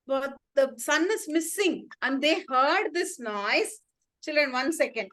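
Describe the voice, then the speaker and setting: Lady telling kids a story, high voice, slow, keeps asking them stuff. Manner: animated, questioning the listeners. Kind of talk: storytelling to children.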